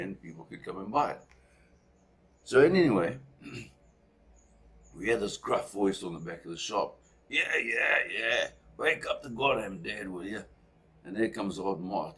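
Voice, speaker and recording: South african guy spinning a yarn, low husky voice, rambles along. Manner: rambling, conversational, with restarts and asides. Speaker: storyteller. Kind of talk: personal storytelling.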